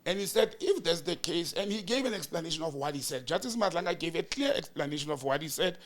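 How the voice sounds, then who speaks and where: A man's voice: on the high side, lively intonation, a little fast, hardly any pauses. A South African man in a political chat show, retelling a heated hearing and acting out each side's words with rising emphasis. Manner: storytelling, acting out quoted exchanges with rising emphasis. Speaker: political commentator.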